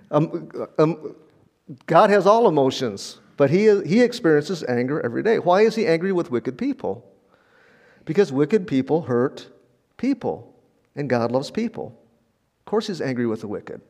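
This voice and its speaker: A man's voice: fairly high pitch, very animated, unhurried, pauses often, darkish tone. An older man preaching a sermon in a conversational, storytelling way, often repeating words and chuckling. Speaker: pastor.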